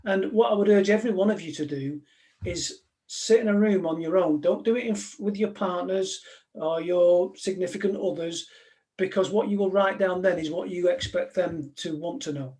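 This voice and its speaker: Before a live audience, an ex-police negotiator talks plainly and conversationally, weaving in plenty of anecdotes. He speaks at normal speed, and his high-pitched voice has a dark tone.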